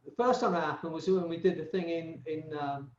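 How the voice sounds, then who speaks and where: A man's voice: a little high, fairly quick. A middle-aged man, a hypnotherapist guest talking casually in a rambling, restarting way. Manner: warm rambling storyteller with many restarts. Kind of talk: casual interview chat. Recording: echoey, dull remote call audio.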